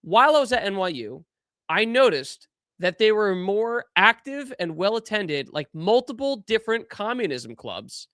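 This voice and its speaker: A young man hosting a podcast, giving casual political commentary in an animated, incredulous way that keeps trailing off and restarting. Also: high-pitched, moderate pace, no echo, clean studio sound. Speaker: podcast host.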